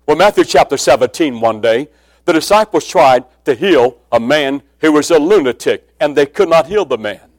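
A man's voice: on the high side, expressive, normal speed, dry recording. Emphatic preacher man, dry close sound. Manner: emphatic, dropping to a hushed voice for quotes. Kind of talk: sermon with personal testimony.

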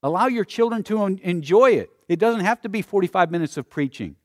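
A man's voice: sits high, expressive, a little fast, no echo, studio quality. A male pastor preaching a sermon and reading Scripture aloud, building to emphatic, rising peaks.

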